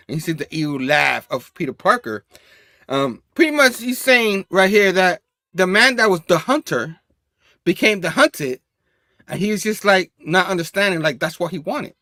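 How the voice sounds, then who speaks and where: A man's voice: high voice, expressive, moderate pace, bright, forceful tone, no echo, studio quality. A man casually reviewing a comic book, reading the panel dialogue aloud in a loose, chatty way with frequent laughs.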